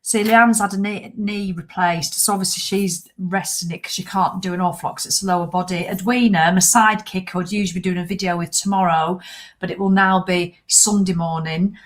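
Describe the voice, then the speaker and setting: A middle-aged woman who vlogs about fitness chats casually with her viewers in a fairly low voice. She's blunt and animated, letting the odd swear word slip.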